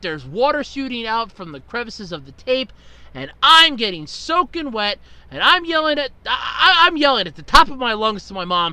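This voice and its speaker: A man's voice: very high voice, sharp tone, clean tone. A man hosting a podcast, telling a long story in a rambling, exasperated way and swearing freely. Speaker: podcast host. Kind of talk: casual storytelling monologue.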